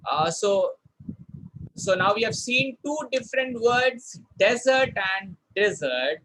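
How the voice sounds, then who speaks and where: A man runs an online vocabulary lesson in a fairly high voice. He says words over and over to drill how they sound, and he slips into Hindi to explain them. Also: animated, slow pace, pushed and bright, rough recording. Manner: drills pronunciation, switches between English and Hindi. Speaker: spoken English teacher.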